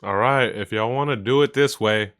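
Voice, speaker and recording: A man hosting a livestream show in casual chat, loud and profane, shouting greetings to his chat into a desk microphone. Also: lowish voice, moderate pace. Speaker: livestream host. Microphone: desk microphone for streaming.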